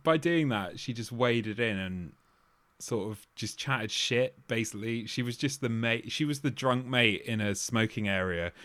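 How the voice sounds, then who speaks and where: A man's voice: mid-range voice, a little slow, no room sound. A man, co-hosting a casual chat and swearing freely. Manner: sweary, animated impressions of others. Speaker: podcast co-host.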